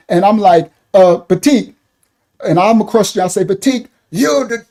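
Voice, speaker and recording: A man's voice: sits high, darkish tone. A man giving loose, repetitive livestream commentary, talking to his chat viewers by name. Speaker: online commentator.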